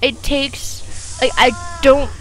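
Chatty high-voiced woman gaming. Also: steady tone, drawn-out words, a bit bright, poor audio. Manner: rambling, exasperated storytelling full of fillers. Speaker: let's play gamer. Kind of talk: casual chat over gameplay.

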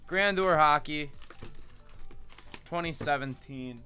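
A man's voice: fairly high pitch, slow pace, pushed and bright, soft background music. A young man hosting a live card break, chatty and self-deprecating with jokey asides.

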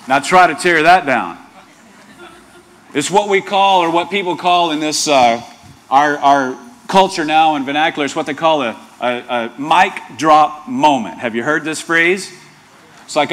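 A man preaching a sermon in a voice that sits a little high for a man. He is earnest but playful, throwing out rhetorical questions and light asides as he explains his point. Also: moderate pace, fairly bright tone. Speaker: pastor.

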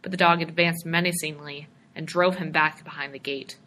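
Female storybook narrator, measured and expressive, bright and lowish. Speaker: reader.

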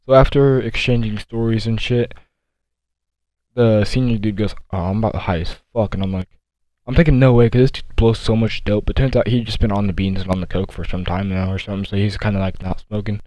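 A man's voice: fairly low pitch, steady tone, fairly quick, mellow, no echo, rough recording. A young man casually telling a rambling, profane story full of asides and restarts. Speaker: vlogger. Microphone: console headset mic.

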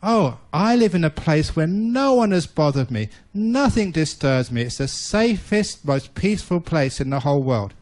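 A man's voice: fairly high pitch, sing-song, moderate pace, hardly any pauses, darkish tone. A man voicing a big, fat, happy male spider who speaks kindly and generously in a told story. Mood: cheerful. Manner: cheerful and generous.

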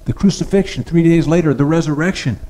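A man preaches a sermon in a relaxed, conversational way, stopping often to ask his listeners questions. His voice sits a little high for a man, and it carries a long reverb, as if from a large hall. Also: fast talker. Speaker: pastor.

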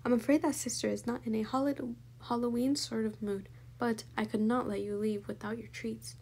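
A woman's voice: fairly high pitch, fairly even intonation, moderate pace, darkish tone, a little hiss or hum, close to an everyday voice. Woman doing a flustered timid lady.

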